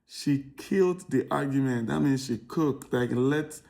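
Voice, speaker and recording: A man's voice: medium pitch, unhurried, vocal fry. A young Nigerian man telling a comic dating story as a podcast host, exasperated and often turning to the audience. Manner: exasperated, addresses audience as ladies and gentlemen.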